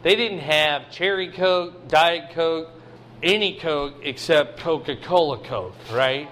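A man's voice: on the high side, slow pace, a bit bright, slight background noise. A man in his fifties preaching a casual sermon in a folksy way, with joking asides. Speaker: pastor.

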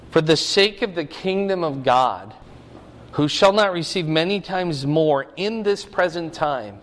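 A man preaching an expository sermon, stressing key words slowly and with emphasis. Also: a little high, fairly bright tone. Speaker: pastor. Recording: long hall reverb.

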